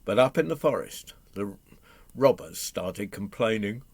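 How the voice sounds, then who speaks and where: A man telling a folk tale to families, animated, asking the audience questions and doing animal noises. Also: fairly low pitch, measured pace, creaky, breathy edge, dry recording. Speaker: storyteller. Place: home, online session.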